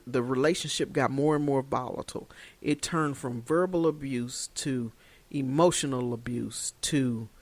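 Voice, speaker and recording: A woman's voice: a bass voice, creaky, no echo. A woman giving an earnest personal testimony on a podcast, growing emphatic as she tells it. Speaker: guest sharing her story.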